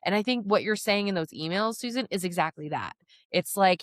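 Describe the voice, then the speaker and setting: A woman co-hosting a podcast in casual conversation, telling examples lively and acting out the quotes. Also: mid-range voice, a little fast, no echo, studio quality. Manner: lively storyteller who acts out quotes. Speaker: podcast co-host.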